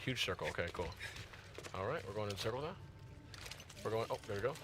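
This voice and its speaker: A man giving chatty, excitable live commentary while playing a game, tired after an early start. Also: lowish voice, fast, background noise. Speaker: gaming streamer.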